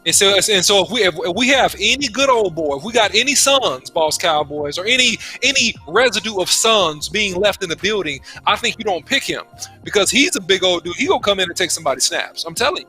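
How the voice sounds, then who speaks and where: A man's voice: high-pitched, animated, fairly quick, pushed and bright, soft background music. A man co-hosting a casual sports talk stream who stammers through restarts, repeats himself and explains with homespun analogies. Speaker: co-host and football analyst.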